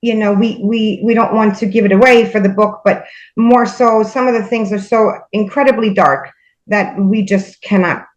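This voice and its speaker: A woman guest recounting spiritual experiences in casual conversation, hesitant with many fillers and pauses. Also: medium pitch, steady tone, dull audio.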